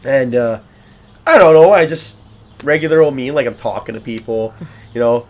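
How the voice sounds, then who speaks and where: A young man co-hosting a podcast in casual chat, telling stories in a lively way and laughing along. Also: mid-range voice, moderate pace. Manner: animated, laughing storyteller. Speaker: podcast co-host.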